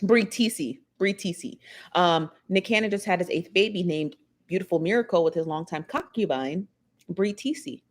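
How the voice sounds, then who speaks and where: A livestream host chats casually, sharing her opinions and reading viewer comments aloud. Her voice is lowish and moves at normal speed.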